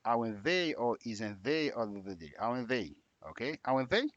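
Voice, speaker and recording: A man teaching an English grammar lesson, reading example sentences slowly and stretching the question tags upward. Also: medium pitch, sing-song, no room sound, dull audio. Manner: drills example sentences with exaggerated rising tags. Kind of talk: slow spoken grammar lesson.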